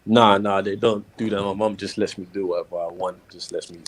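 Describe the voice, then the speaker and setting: A man's voice: sits low, steady tone, a little fast, very noisy. A man on a podcast panel talking in a laid-back way, often saying "you know". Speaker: panel guest. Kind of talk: casual panel chat.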